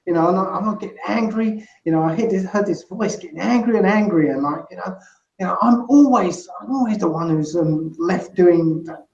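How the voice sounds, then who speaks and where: A man talks through his ideas in a casual interview, looping back with "you know" and "right?". His voice sits a little high for a man. The sound is echoey and muffled. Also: moderate pace, creaky, a little mellow. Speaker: guest.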